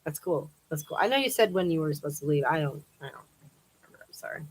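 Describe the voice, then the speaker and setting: Chatty woman host with a lowish voice. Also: expressive, fast, a little hiss or hum, rough recording. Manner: chatty, reads comments aloud, laughs often. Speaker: livestream host reading viewer comments. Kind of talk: casual chat. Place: outdoors.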